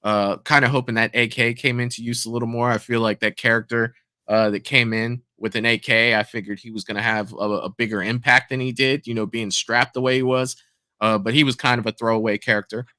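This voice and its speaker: An easygoing man talks through a fan film, hedging with "you know" as he goes. His tone is bright and forward, and the recording is dry and close. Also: medium pitch, little pitch movement, fairly quick, clean tone, no room sound. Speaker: co-host reviewing fan films. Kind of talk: casual review chat.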